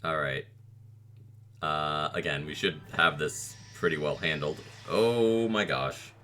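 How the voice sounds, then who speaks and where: A man with a very low, bright-edged voice talks through a game as he plays, relaxed and wry, tossing out little reactions between fights. Soft music runs underneath. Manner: casual, self-deprecating, reacts with quick quips. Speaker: gaming video creator. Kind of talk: let's play commentary.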